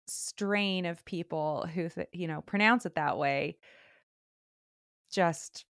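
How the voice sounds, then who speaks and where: Low gravelly young woman co-host. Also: slow, a bit bright, dry recording, clean studio sound. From Southern California. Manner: rambling, hesitant, restarts and fillers. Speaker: podcast co-host. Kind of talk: casual podcast chat.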